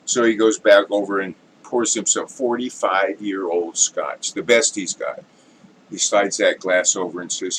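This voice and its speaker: Unhurried man telling a joke. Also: deep voice, a little hiss or hum, low-quality recording. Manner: relaxed, unhurried, folksy. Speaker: storyteller host.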